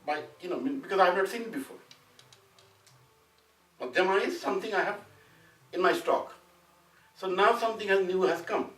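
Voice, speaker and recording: A man from India teaches a Sanskrit class in a loose, conversational lecture with discussion, often asking "you know what I'm saying?" to check the students follow. His voice sits high and a bit bright, at a moderate pace with frequent pauses. The room is echoey, the mic distant, with faint noise.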